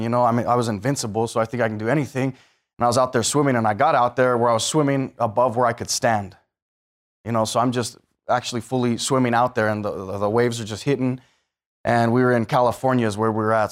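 A man with a mid-range voice preaches a sermon built around a personal story. His delivery swings from quiet, slow stretches to loud, fast passages that build upward.

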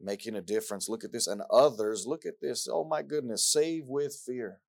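A man preaching to his congregation in an earnest, heartfelt way. His voice sits at an ordinary middle pitch and he leans on repeated scripture phrases. He swings between soft reflection and loud, excited stretches. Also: moderate pace, vocal fry. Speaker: pastor. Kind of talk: sermon.

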